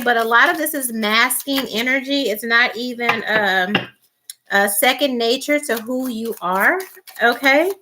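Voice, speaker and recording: Bright, high-voiced woman reading tarot. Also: a little hiss or hum. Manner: rambling, frequent fillers and restarts; blunt, slangy, teasing. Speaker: tarot reader. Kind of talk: casual tarot reading monologue.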